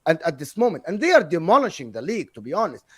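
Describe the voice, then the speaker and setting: A man's voice: a little high, very animated, quick pace. A man on a football panel, arguing his club's case in a combative, indignant way. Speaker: panelist, Inter fan. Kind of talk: heated football panel debate.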